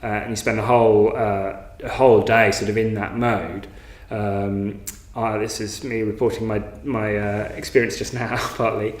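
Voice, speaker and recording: Hesitant low-voiced man teaching meditation. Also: little pitch movement, moderate pace, roomy sound. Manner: hesitant, many fillers and restarts. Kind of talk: informal meditation talk. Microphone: online class, home recording.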